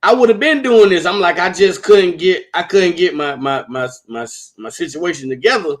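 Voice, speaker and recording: Male streamer host, fairly high voice, loose casual chatter. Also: animated, normal speed. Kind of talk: casual chat on a live stream.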